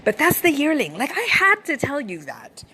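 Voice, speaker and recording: A woman's voice: sits high, wildly swooping pitch, normal speed, pushed and bright, slight background noise. A woman hosting a podcast, casually retelling a movie plot in a chatty way and swearing freely. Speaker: podcast host.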